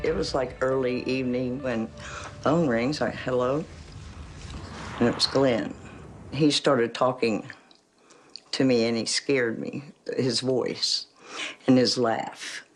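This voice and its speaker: Woman haltingly recounting a frightening call. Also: extremely low pitch, fairly even intonation, faint music behind. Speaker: interviewee. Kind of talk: interview recollection.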